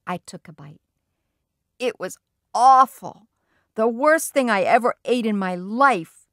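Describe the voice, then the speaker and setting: A woman's voice: fairly high pitch, moderate pace, dry recording, clean studio sound. Woman reading a children's story aloud. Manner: lively, expressive reading. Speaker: audiobook reader. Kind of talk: storybook narration.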